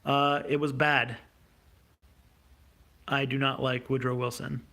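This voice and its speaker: Male streamer, gravelly voice, casual unscripted Q&A, hesitant and halting. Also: mid-range voice, flat delivery, sharp tone. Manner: hesitant, many fillers and restarts. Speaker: YouTube host. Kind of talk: livestream Q&A reading viewer questions.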